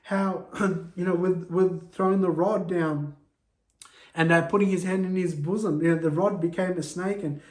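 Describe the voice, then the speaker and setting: A man's voice: high voice, steady tone, normal speed. Earnest man preaching in an echoey church. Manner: earnest, exhorting. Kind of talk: sermon.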